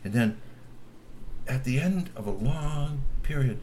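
A man's voice: mid-range voice, animated, slow pace, darkish tone, a little hiss or hum. A man telling a long story with exclamations, laughing asides and repeated words. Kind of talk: animated oral storytelling.

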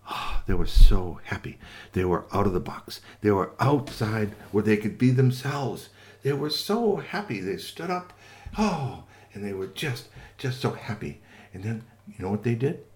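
A man narrating a children's tale in a sing-song way, often asking the listener questions. His voice rises and falls widely, sinking soft at gentle moments. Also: on the low side, measured pace. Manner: animated, sing-song, with many asides to listeners. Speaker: storyteller.

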